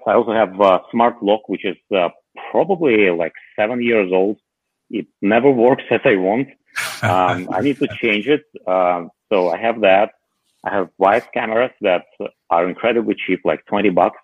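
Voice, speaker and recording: A man's voice: low-pitched, husky, no echo. A man chatting casually about tech gadgets as a podcast co-host, hesitant and full of filler sounds, heard over a remote call. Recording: muffled phone-like line.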